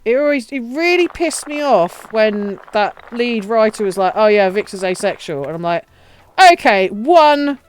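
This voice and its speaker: A woman's voice: medium pitch, animated, measured pace, a little hiss or hum. A woman streaming a building game, chatting casually, swearing, ranting and laughing often. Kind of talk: casual live-stream chat while playing.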